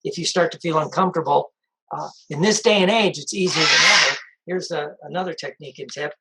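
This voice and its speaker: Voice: mid-range voice, fairly quick, creaky, pushed and bright, rough recording. A sobriety coach giving practical advice in a casual, conversational way, repeating the key points. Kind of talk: casual spoken advice talk.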